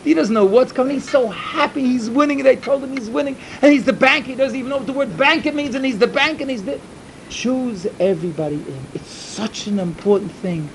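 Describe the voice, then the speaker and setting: A middle-aged man giving an emphatic storytelling sermon to a yeshiva, repeating his points and swinging from loud to hushed. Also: very high voice, a little fast, background noise. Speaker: yeshiva speaker.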